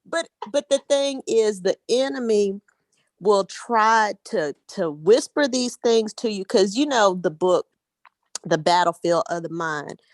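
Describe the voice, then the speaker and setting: A woman's voice: medium pitch, lively intonation, unhurried, dry recording. A woman in a group discussion, speaking in an earnest, reflective way. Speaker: group member. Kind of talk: casual discussion.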